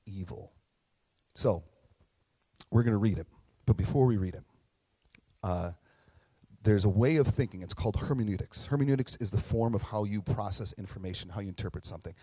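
A man's voice: on the low side, mellow, dry recording. A young man, a pastor, giving a casual, storytelling sermon and acting out the voices he quotes.

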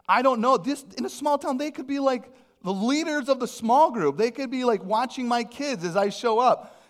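A man who is a pastor, preaching a sermon with personal storytelling, animated and self-deprecating. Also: very high-pitched, normal speed. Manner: animated, self-deprecating humor, frequent restarts.

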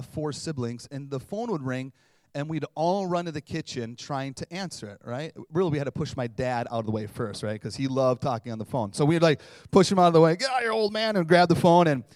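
A man's voice: on the high side, no echo, clean studio sound. A man in his thirties, a pastor, preaching a casual, conversational sermon and acting out little voices. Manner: conversational, animated, acts out voices.

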